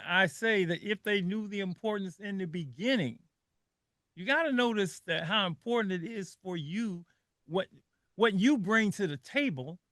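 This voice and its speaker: Bright, high-voiced older male radio host. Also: no room sound. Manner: animated storyteller, emotional, repeats words. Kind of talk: casual radio panel talk.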